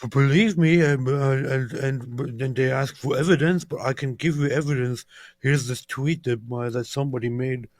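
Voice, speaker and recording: A man doing an impression of an excitable young woman who comments online, stammering through a rambling conspiratorial rant. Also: mid-range voice, moderate pace, no echo, close to an everyday voice.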